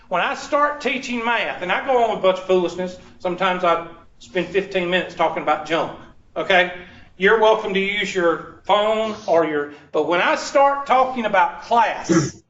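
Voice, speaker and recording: A man's voice: sits high, a bit bright. A man, a college math instructor giving a joking, folksy first-day talk to his students in a classroom. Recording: distant, echoey, muffled classroom recording.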